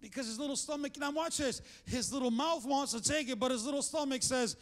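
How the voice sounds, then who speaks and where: A man's voice: very high-pitched, a little fast, fairly bright tone. An older man preaching a sermon as pastor, fervent and conversational, calling out to the congregation and often restarting his sentences. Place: church sanctuary. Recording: long reverb of a large church hall.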